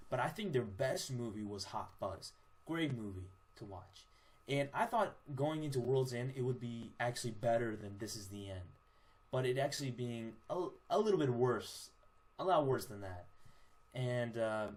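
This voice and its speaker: A man's voice: mid-range voice, a little mellow. A young man casually reviewing movies on his own channel, blunt and profane, with frequent restarts.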